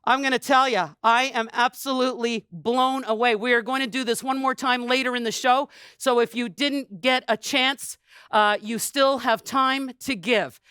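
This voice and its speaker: Woman, charity auction host, exuberant, high-pitched, smooth. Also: moderate pace, fairly bright tone, no echo, studio quality. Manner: exuberant, booming, playful asides. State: a little out of breath. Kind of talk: energetic fundraising pitch.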